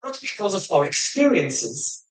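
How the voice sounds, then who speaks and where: A man speaking slowly in a played clip, lecturing about religions and books. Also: sits high, very animated, echoey room, rough recording.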